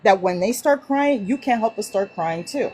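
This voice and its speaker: A woman on an online group call, sharing casually with lively, acted-out anecdotes and frequent restarts. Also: mid-range voice, moderate pace, soft background music, low-quality recording. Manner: animated storyteller, many restarts and acted-out quotes. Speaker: book club participant.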